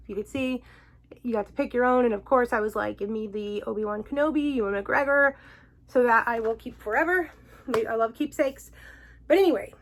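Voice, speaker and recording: Speaking in a voice a touch on the high side, this vlog host shares something personal with lots of emotion and gushing enthusiasm, breaking into laughter often mid-sentence. The audio is of poor quality.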